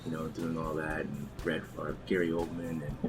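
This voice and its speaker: A man in his thirties, an actor guest in a relaxed interview at a bar, with plenty of fillers and restarts. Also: rumbling low, moderate pace. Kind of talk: casual interview chat. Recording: music playing in the background.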